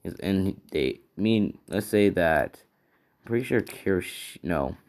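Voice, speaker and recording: A man's voice: low voice, lively intonation, slow, a little mellow. A man improvising a fan story in a casual, rambling way, thinking aloud and correcting himself as he goes.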